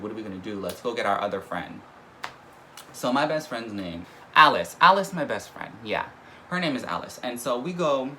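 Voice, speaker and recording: A young man telling a casual story, animated and profane, often laughing as he goes. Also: fairly low pitch, low-quality recording. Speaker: vlogger. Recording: noticeable background noise.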